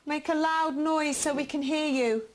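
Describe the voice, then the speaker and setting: A woman's voice: high voice, steady tone, normal speed. A woman leading a live paranormal investigation, pleading with spirits to make noises for her. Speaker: lead investigator and presenter. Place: indoors, dark haunted building.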